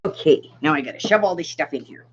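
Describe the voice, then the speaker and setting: Craft vlogger, woman with a sore throat, animated and chatty, muffled home recording. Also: low voice, fast. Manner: chatty, talks to viewers, laughs often. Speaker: craft shop owner and vlogger. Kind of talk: casual chat while crafting. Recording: dull lo-fi sound with faint hiss.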